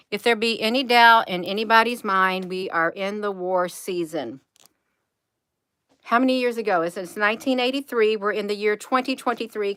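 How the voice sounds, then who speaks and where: A woman's voice: mid-range voice, bright, forceful tone, smooth, no echo, studio quality. A woman, rambling emphatically to her viewers in a casual livestream. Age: 50s. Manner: rambling, emphatic, addresses viewers as "you all". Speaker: channel host.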